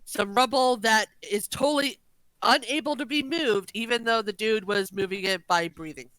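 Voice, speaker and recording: A woman's voice: a little high, normal speed, a bit bright, no room sound, rough recording. A woman co-hosting a podcast, chatting casually in a teasing, jokey way. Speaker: podcast co-host. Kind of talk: casual review chat.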